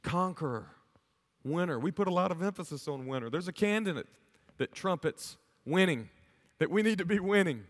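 Preaching to his flock at a moderate pace, this pastor has a high, animated voice and earnestly asks rhetorical questions. The recording carries a long hall reverb.

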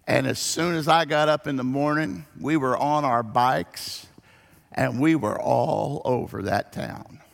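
A man preaching a sermon, telling folksy stories in an animated way. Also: medium pitch, vocal fry. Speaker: pastor. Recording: long hall reverb.

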